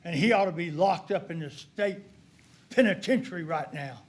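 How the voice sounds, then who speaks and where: A man's voice: sits high, normal speed. An older man giving a heated, accusatory public comment at a county commissioners' meeting.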